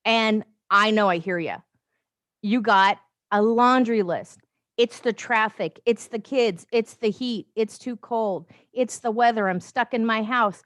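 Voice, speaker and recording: A woman hosting a casual livestream from her phone, chatty and rambling, with animated asides and frequent laughs. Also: fairly high pitch, measured pace, no echo, clean studio sound. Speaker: life coach livestream host. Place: home, with noise outside.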